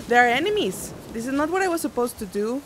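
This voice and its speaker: A woman's voice: high voice, animated, moderate pace, slight background noise. A woman streaming a game, chatting with viewers and squealing when enemies attack. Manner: chatty, giggly, reading chat aloud; bursts into squeals and shouts at enemies. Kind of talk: casual gameplay commentary. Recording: music playing behind.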